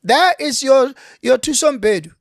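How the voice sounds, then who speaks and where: Animated South African man telling stories. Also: measured pace, gravelly, dry recording, studio quality. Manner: animated storyteller, lively pitch swings, many restarts. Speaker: veteran actor, interview guest. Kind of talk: casual interview chat.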